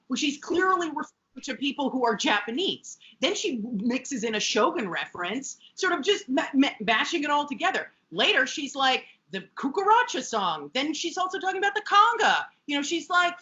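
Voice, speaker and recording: A woman co-hosts a casual podcast, recapping a sitcom with sarcastic, animated commentary and frequent swearing. Her voice is bright and high, and it swoops all over. The audio is dull and lo-fi. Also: moderate pace, hardly any pauses. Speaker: podcast co-host.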